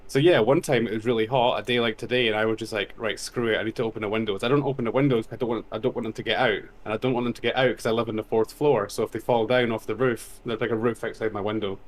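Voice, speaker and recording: A man's voice: fairly low pitch, steady tone, racing, few pauses. A man telling a rambling story in casual chat, swearing freely and laughing often. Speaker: podcast host.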